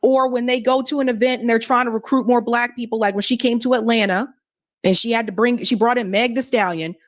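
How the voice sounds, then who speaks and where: A woman's voice: a little high, fairly even intonation, fairly quick. A woman giving pointed, sarcastic political commentary, asking pointed questions.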